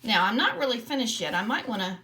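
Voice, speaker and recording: A woman's voice: fairly high pitch, big pitch swings, fast, sharp tone. A woman teacher giving a patient writing lesson to young children, sounding out letters and syllables one by one.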